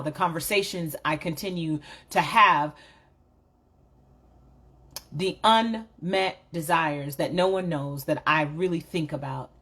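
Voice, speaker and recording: A woman with a low, husky voice delivers a reflective motivational monologue. She speaks candidly and with emphasis, addressing her viewers directly as if in conversation. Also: a bit bright. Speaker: motivational vlogger.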